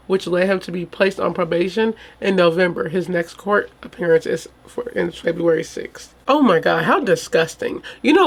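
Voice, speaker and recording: Woman, true crime vlogger, reads the case then rants, casual, indignant, talks to viewers as y'all. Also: mid-range voice. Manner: indignant, fired-up rhetorical questions. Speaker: true crime channel host. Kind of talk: true crime commentary, reading a report then reacting.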